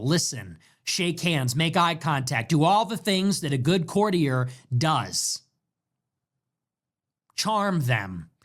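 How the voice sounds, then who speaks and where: A man hosting a livestream, delivering an emphatic, repetitive, commanding monologue. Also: fairly high pitch. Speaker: political livestream host. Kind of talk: monologue commentary.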